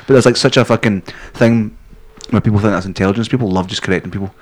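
A man's voice: lowish voice, fast talker, darkish tone. A Scottish man co-hosting a podcast, rambling and swearing constantly as he jokes. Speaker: podcast co-host. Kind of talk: crude casual chat.

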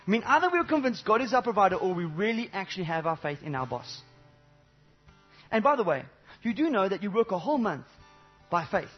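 Lively high-voiced preacher man. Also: breathy edge, lo-fi sound. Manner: animated, swings between loud exclamations and low intimate asides; asks the congregation frequent rhetorical questions. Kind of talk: sermon. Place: church service before a congregation.

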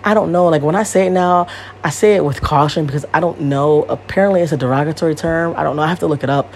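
A woman's voice: low voice, quick pace, darkish tone, slight background noise. A woman in her thirties hosting a podcast, talking in a blunt, profane and rambling way, repeating herself. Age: 30s. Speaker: podcast host. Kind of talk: casual monologue.

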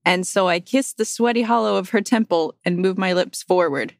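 A woman's voice: fairly low pitch, moderate pace, vocal fry, no room sound, studio quality. A woman in casual chat, frank and offhand, reading a passage aloud.

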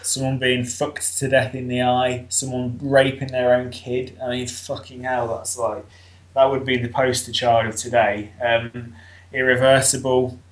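A man's voice: mid-range voice, a little slow. Man, East Midlands English accent, casual podcast chat, blunt and sweary, echoey room. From England. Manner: blunt, swears freely, animated storytelling. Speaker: podcast guest.

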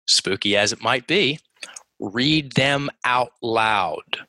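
Podcast guest, male, bright and forceful tone, dry close sound, lively explainer who stumbles and restarts. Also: mid-range voice, slow, no room sound, low-quality recording. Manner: animated, acts out quoted voices, many restarts. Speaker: guest coach. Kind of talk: conversational podcast interview.

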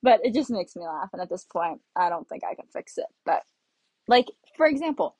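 A woman's voice: on the low side, sing-song, fairly quick, darkish tone, husky. A young woman casually telling a travel story, chatty and laughing often as she acts out what she said. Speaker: travel vlogger.

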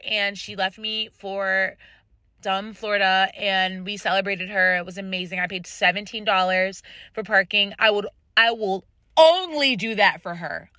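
A woman hosts her own podcast and tells stories in loose, casual chat. She talks to her listeners directly, full of "like" and little asides. Her voice is bright and forward, recorded close and dry, with no room sound around it. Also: medium pitch, dry recording. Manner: animated, chatty, lots of "like" and asides to listeners. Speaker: podcast host.

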